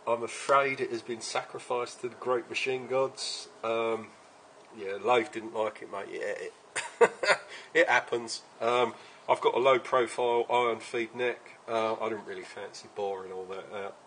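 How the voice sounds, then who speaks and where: A man's voice: mid-range voice, a bit bright, a little hiss or hum, poor audio. A British man casually talking through a hobby build in his workshop, rambling with plenty of ums and uhs.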